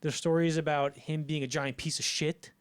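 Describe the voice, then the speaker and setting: A man's voice: on the high side, flat delivery, normal speed, clean tone. A young man co-hosting a casual film-history podcast, rambling through anecdotes and acting out the people in them. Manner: rambling, acts out anecdotes in quoted voices. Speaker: podcast co-host.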